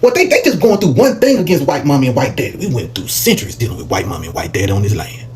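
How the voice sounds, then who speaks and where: A man's voice: medium pitch, quick pace. A man hosting a reaction channel, giving heated, preachy commentary. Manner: preachy, animated, mocking put-on quotes.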